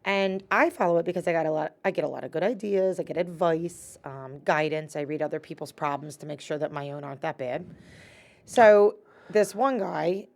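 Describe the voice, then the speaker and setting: A middle-aged woman co-hosting a parenting podcast in casual chat, chatty and quick to laugh. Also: low voice, gravelly, a little mellow. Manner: chatty, laughing, quotes people in voices. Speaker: podcast co-host.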